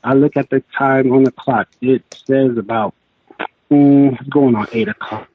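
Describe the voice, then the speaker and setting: A man recounts his story over the phone, his voice slightly husky and squeezed through a thin, tinny line. He talks in a halting, rambling way and often restarts his sentences. The sound is dry and close, with no room around it. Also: mid-range voice, steady tone, dry recording. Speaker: guest telling his encounter. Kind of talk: casual storytelling interview.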